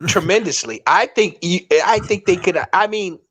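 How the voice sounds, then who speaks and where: A man's voice: sits high, normal speed, a bit bright, husky. A man co-hosting a live chat show, asking pointed questions and pushing the others for answers. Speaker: co-host. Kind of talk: casual chat.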